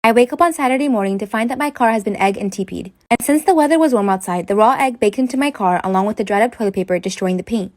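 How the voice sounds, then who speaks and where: A woman reading online stories aloud in a brisk, even way. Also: on the high side, dry recording, clean studio sound.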